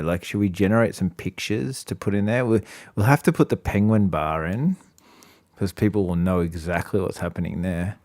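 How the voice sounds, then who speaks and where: A man co-hosting a casual podcast, speaking in a lowish register. His talk meanders with plenty of fillers and quick laughs. The sound is dry and close, with no room around it. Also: a little mellow, dry recording. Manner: rambling, laughs often, many fillers. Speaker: podcast co-host. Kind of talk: casual chat.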